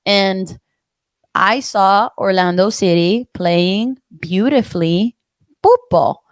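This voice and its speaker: Woman, excited sports chat, says like a lot, smooth voice, dry close sound. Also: medium pitch, slow, dry recording. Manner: excited, chatty, leans on "like". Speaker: podcast co-host.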